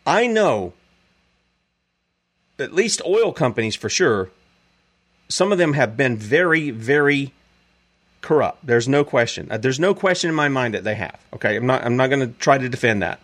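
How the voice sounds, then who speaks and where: A man's voice: mid-range voice, expressive, moderate pace, pauses often, fairly bright tone. A man hosting a show, giving emphatic preacherly commentary.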